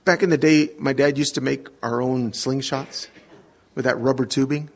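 A middle-aged man preaching a sermon, telling a story with lively acted-out moments and sudden shouts. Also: mid-range voice, normal speed. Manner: animated, acts out scenes with sudden shouts. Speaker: pastor.

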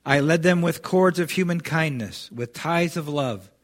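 Earnest man preaching with halting restarts. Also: fairly high pitch. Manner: earnest, halting, many restarts, rising to emphatic scripture reading. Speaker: pastor. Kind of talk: sermon.

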